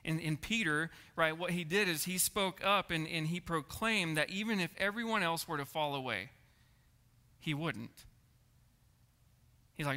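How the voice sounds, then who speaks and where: A man's voice: fairly high pitch, unhurried, long pauses, bright, forceful tone. A man preaching a sermon, earnest, repeating words and checking in with the congregation. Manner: earnest, repeats words and asks the room "right?". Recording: echoey hall reverb.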